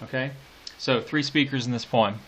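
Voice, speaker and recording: A middle-aged man teaching literature, reading poetry aloud slowly and annotating it, with hesitant fillers. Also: medium pitch, steady tone, fairly bright tone. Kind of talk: lecture with poem reading.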